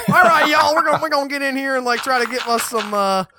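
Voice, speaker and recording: A man's voice: very high-pitched, fast, voice pushed up. A man voicing a folksy Southern good-old-boy gamer with a put-on American Southern accent, drawling and rambling. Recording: loud background noise.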